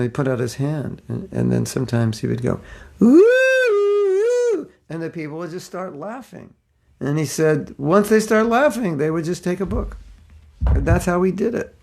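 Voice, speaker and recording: A man's voice: on the high side, creaky, a little mellow. A man in his sixties giving a casual religious class, telling anecdotes with frequent chuckles. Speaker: spiritual teacher.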